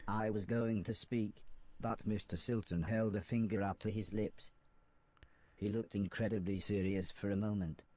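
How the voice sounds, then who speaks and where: A male text-to-speech voice narrating a video game as a calm robot, reading in a flat, monotone, robotic way. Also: lowish voice, moderate pace, lightly acted. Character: robot narrator telling his story, calm.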